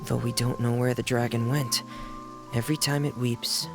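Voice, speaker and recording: A man's voice: mid-range voice, level tone, normal speed, gravelly, lightly acted. A man voicing a shy, introverted young diver who speaks hesitantly and glumly, in a video game. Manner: hesitant, soft-spoken, glum. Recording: game audio over music.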